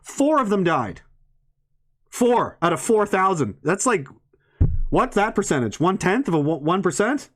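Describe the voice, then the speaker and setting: Guy ranting to his viewers, swears a lot, rambles, voice kinda high and all over the place. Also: very animated, normal speed, a bit bright. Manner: profane, rambling, laughs mid-sentence. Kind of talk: ranting monologue to an audience.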